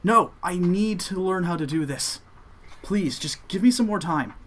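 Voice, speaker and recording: Guy doing a worn out young monk kid begging for more time, higher voice, faint hiss. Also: expressive, fairly quick, a bit bright. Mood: pleading. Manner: pleading and breathless. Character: desperate young male apprentice monk, exhausted.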